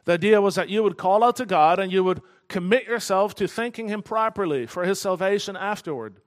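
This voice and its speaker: A man preaching a sermon in an earnest, emphatic way, slowing down to stress key phrases. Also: high voice. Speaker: pastor.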